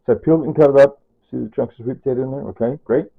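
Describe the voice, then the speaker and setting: A man with a husky voice talks casually through his home cooking, circling back and correcting himself as he rambles. The sound is tinny and phone-like. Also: mid-range voice, steady tone, rapid-fire. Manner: chatty, repeats himself, self-correcting. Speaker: cooking vlogger. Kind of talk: rambling casual kitchen talk.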